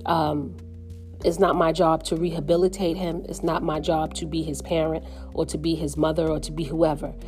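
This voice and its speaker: A middle-aged woman talks earnestly and reflectively about her own story, slowing down on the painful parts. Her voice sits a little low and sounds mellow and warm. Soft music plays faintly beneath her. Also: flat delivery. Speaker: mother sharing her story. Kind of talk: personal reflective monologue.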